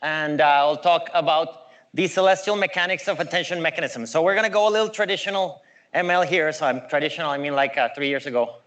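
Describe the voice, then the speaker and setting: Animated man giving a conference talk. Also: fairly high pitch, fast talker, dull audio. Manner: animated, conversational, playful asides. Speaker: conference speaker.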